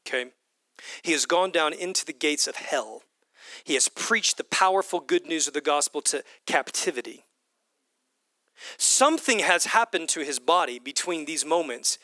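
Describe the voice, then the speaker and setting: A middle-aged man preaching with a high, bright voice. He drives his points home by repeating short phrases. The sound is close and dry, with no room echo. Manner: animated preaching, repeats lines for emphasis. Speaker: pastor. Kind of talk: sermon.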